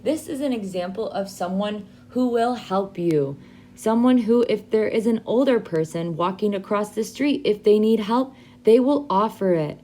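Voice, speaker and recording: A young adult woman teaching an English vocabulary lesson to learners, modeling phrases slowly and clearly for them to repeat. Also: medium pitch, dark tone, slight background noise.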